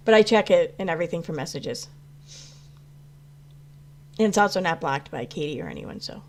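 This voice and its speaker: A woman's voice: on the low side, expressive, moderate pace, a little hiss or hum. A woman talking loosely on a livestream, trailing off and restarting her sentences as she answers chat. She swears freely and breaks into laughter. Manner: rambling, restarts a lot, swears, laughs often. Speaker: commentary channel host reading live chat. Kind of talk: casual livestream commentary.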